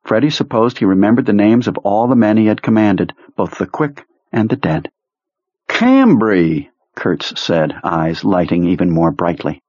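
A man reading a novel aloud as narrator, in a steady, measured voice. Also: lowish voice, no room sound, muffled recording. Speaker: audiobook narrator. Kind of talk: scripted narration.

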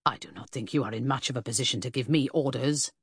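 A woman voicing a cruel male bootmaker in an audiobook, talking in a low, gloating whisper as whispered role-play. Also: quick pace, husky, dry recording, clean studio sound, full character voice. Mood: sneering.

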